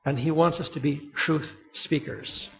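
A male pastor with a high, gravelly voice delivers a sermon in a church hall. He tells stories and acts out the voices of the people in them. The sound is muffled and rings with a long echo. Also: a little slow. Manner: animated storytelling, acting out quoted voices.

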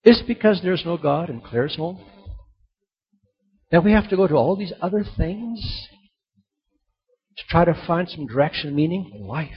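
A man preaching a sermon, telling stories and swinging between loud emphasis and soft, quiet drops. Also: fairly high pitch, expressive, moderate pace, pauses often, slightly rough. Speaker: pastor. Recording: dull lo-fi recording.

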